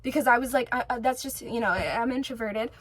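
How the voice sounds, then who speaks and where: Woman vlogger, slightly high voice, emphatic rambling monologue, swears a lot. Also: fast, fairly bright tone, breathy edge. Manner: many fillers and restarts. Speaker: spiritual vlogger. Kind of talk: casual monologue to camera.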